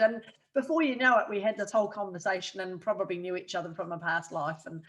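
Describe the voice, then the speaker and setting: A woman's voice: fairly high pitch, quick pace, fairly bright tone, lo-fi sound. A woman with a New Zealand accent, a guest in an interview, telling chatty stories and laughing often. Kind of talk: casual interview chat.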